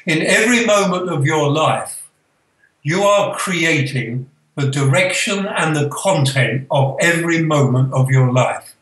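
An older man, a spiritual author, telling a personal story in an earnest, halting way with many fillers. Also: fairly high pitch, expressive, a bit bright. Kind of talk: storytelling, reflective. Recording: echoey room, distant from the mic.

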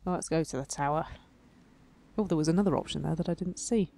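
A woman's voice: sits low, quick pace, vocal fry, dark tone. A woman hosting a game playthrough, reading the text aloud and adding playful, self-mocking asides. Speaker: let's play host.

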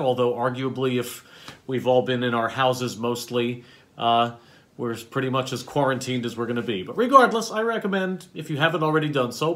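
A man teaching a vocal warm-up, coaching between sung syllables. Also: medium pitch. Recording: loud piano behind the voice. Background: piano accompaniment.

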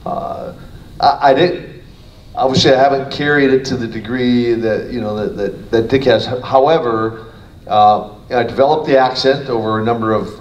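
Guy rambling in an interview, lots of restarts, echoey room, mic a ways off. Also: medium pitch. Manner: rambling, with many restarts and fillers. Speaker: guest, former wrestler. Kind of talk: casual interview. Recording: roomy, distant mic, faint noise.

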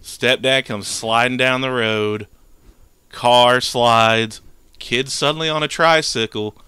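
A man co-hosting a casual podcast, telling a long story with lively acted-out quotes. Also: mid-range voice, takes it slowly, clean tone, no echo. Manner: animated storyteller, acts out quoted lines. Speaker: podcast co-host.

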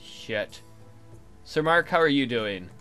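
A man's voice: mid-range voice, animated, moderate pace, fairly bright tone, faint music behind. A man casually commenting on his gameplay, swearing, thinking aloud, and reading the game text. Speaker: let's play gamer.

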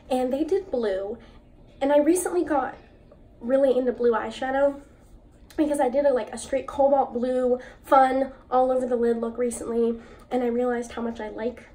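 A young woman with a high, mellow voice chatting to her camera at home. She talks in an easy, gushing way, sprinkling in "like" as she goes, with a faint hiss of room noise under her. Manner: chatty and enthusiastic, lots of "like" fillers. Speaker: beauty vlogger. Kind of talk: casual chat while swatching makeup.

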